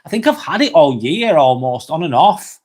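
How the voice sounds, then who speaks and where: A man in casual live-stream mode, voice sitting slightly high for a man. He rambles gently through viewer comments with plenty of fillers and sorrys. He sounds slightly under the weather. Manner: slow, relaxed, rambling with many fillers and apologies.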